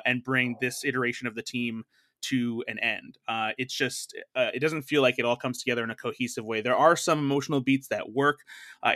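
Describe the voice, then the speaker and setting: A man's voice: medium pitch, sharp tone, no echo, studio quality. A man co-hosting a film podcast, reviewing movies in a rambling, earnest way with many fillers and restarts. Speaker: film editor, podcast co-host. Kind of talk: casual film review chat.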